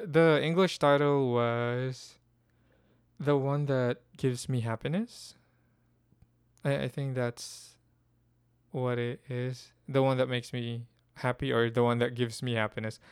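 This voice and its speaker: A man's voice: mid-range voice, clear, resonant tone, no room sound, studio quality. A man casually talking about a film he watched, hesitant and often restarting his sentences. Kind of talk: casual film review chat.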